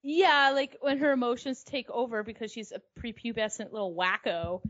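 Woman, 30s, podcast co-host, animated giggly chat, dull muffled recording. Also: on the high side, moderate pace. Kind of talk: casual chat.

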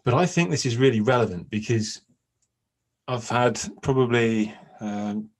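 A man with a mid-range voice and measured pace co-hosts a podcast from home. He is an agile coach, musing thoughtfully in casual chat and often hesitating.

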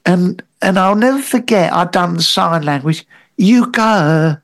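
High gravelly man rambling. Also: animated, fairly bright tone, no echo. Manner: halting, rambling anecdotes with many fillers. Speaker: comedy podcast host. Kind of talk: improvised comedy chat.

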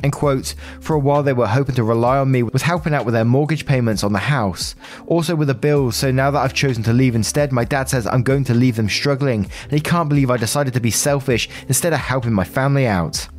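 A man's voice: mid-range voice, quick pace, soft background music. Man reading online stories aloud. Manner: dry, opinionated commentary between readings. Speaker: story-reading channel host.

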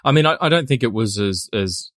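A man's voice: medium pitch, lively intonation, fairly quick, a bit bright, no echo, studio quality. A man guesting on a casual film podcast, often stammering and restarting mid-thought, with the odd swear. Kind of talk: casual film review chat.

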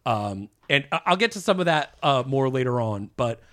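A man's voice: medium pitch, lively intonation, moderate pace, pushed and bright. A man presenting as a guest on a casual podcast, explaining with lots of fillers and restarts. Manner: hesitant, full of fillers.

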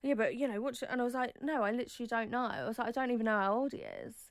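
A woman in her thirties, a guest telling her story in an interview, chatty and animated, acting out quotes with sudden high squeals. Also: very fast, no room sound, studio quality.

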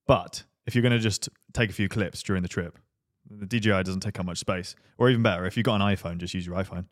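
Low voiced brit guy cracking jokes on a podcast, dry booth sound. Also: fairly even intonation, fast talker, dry recording. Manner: short jokey remarks. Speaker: podcast co-host. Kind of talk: casual podcast chat.

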